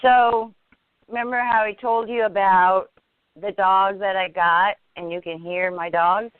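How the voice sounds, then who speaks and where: A woman speaking as an interview guest, earnest and halting, often restarting her sentences. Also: medium pitch, fairly even intonation, smooth, no room sound. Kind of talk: casual interview chat. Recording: tinny dry phone line.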